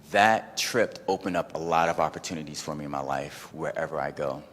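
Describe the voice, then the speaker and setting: A man giving a casual personal storytelling talk at an event, animated and full of "like" and "you know". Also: rumbling low, a little fast, hardly any pauses, long reverb tail. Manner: animated, acts out his own inner voices. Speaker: event speaker. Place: event venue.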